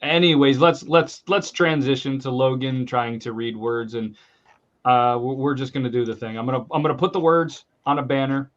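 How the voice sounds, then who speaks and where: A man's voice: medium pitch, fairly even intonation, lo-fi sound. A man hosting a casual podcast chat. He leads the talk and often repeats words as he goes. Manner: halting, repeats words while leading. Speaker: podcast host.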